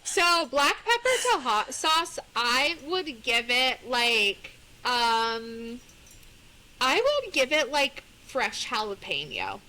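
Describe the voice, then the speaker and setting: A young woman co-hosting a book podcast, talking in an animated, chatty way. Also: fairly high pitch, rough recording. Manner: animated, chatty, quick to laugh. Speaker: podcast co-host. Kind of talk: casual book chat.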